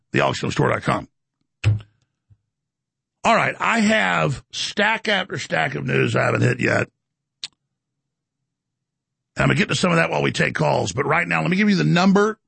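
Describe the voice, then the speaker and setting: Gravelly husky guy rattling off a talk radio rant, high-ish voice, dry sound. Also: bright, forceful tone, dry recording. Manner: bombastic, rapid-fire delivery. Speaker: talk show host. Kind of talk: fast-paced talk radio monologue.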